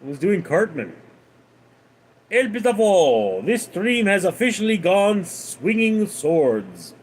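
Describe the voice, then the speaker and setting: Slow-talking deadpan man hosting a livestream. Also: sits high, breathy edge. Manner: deadpan, reads names then answers. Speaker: livestream host. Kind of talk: casual livestream chat, reading viewer questions.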